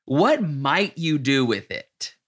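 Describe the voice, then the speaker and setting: A man in casual podcast chat, campy and animated, swearing freely as he talks. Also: fairly high pitch, slow pace. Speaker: podcast co-host.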